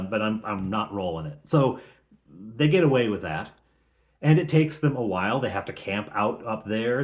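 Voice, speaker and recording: A man recapping his tabletop game session, talking at a middling pitch. He speaks conversationally, often restarting sentences as he thinks aloud. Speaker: game master.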